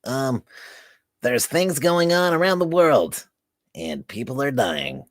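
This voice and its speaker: A man's voice: medium pitch, very animated, takes it slowly, no room sound, clean studio sound. A man chatting as a guest on a podcast, rambling playfully and stammering as he talks. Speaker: guest co-host. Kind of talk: casual chat.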